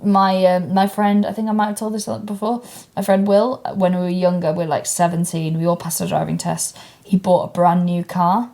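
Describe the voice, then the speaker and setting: A woman's voice: on the low side, little pitch movement, normal speed, few pauses, a little mellow. A woman, co-hosting a comedy podcast in casual chat and telling stories bluntly, with plenty of swearing. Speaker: podcast co-host.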